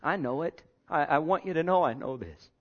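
A male pastor preaching a sermon in a conversational way, repeating himself and jumping from hushed asides to loud bursts. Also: a little high, animated, a little fast. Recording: dull lo-fi sermon recording.

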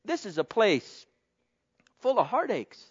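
Man preaching a sermon, high voice, impassioned, soft to loud, dull lo-fi recording. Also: very animated, slow, husky. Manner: impassioned, swinging between soft pleading and loud exclamation; calls out to the congregation. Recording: dull lo-fi sound.

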